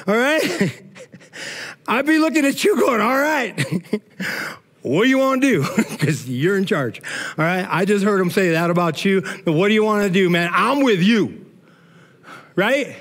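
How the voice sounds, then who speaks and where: A middle-aged man preaching a lively, informal sermon as pastor, often saying "man" between phrases. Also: high-pitched, measured pace, long pauses.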